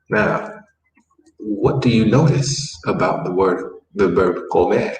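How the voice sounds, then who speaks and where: Slow-talking male Spanish teacher, echoey room. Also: on the low side, expressive. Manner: patient, repeats words slowly for drilling. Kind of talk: classroom language lesson. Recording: echoey room, mic far off, faint background noise.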